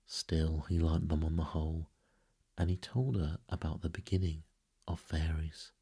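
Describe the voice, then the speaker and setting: Deep husky man narrating a sleep story. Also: steady tone, normal speed. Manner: soft, hushed, sometimes whispered.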